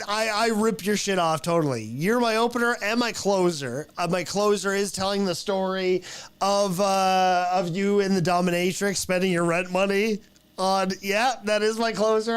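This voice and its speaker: A man's voice: sits high, normal speed, fairly bright tone, clean tone. A young adult man, a podcast host and stand-up comic, chatting casually and profanely, rambling with restarts. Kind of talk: casual chat.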